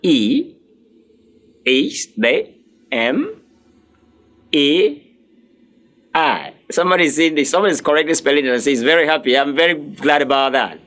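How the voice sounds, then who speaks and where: A man teaching French, drilling words slowly, spelling them letter by letter and encouraging his learners. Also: on the high side, very animated, fairly bright tone. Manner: encouraging, speaks directly to learners. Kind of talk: live online language lesson.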